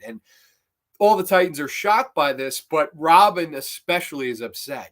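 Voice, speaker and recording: Rambling, animated man reviewing cartoons. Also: on the high side, moderate pace. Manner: rambling, animated, with restarts and jumpy emphasis. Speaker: host of a cartoon review show. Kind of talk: casual spoken episode review.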